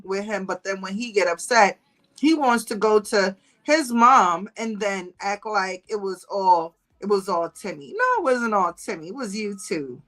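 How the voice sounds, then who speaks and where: Chatty woman gossiping on a livestream. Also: low-quality recording. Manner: animated storytelling, acts out quotes in higher voice, laughs often. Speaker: livestream host. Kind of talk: casual gossip chat to viewers.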